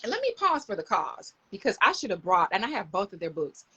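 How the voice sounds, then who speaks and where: Bright-voiced chatty woman. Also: mid-range voice, huge pitch swings, fairly quick, breathy edge, muffled recording. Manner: chatty, enthusiastic, addresses viewers directly. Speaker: live stream host. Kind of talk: casual live-stream show-and-tell. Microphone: phone camera.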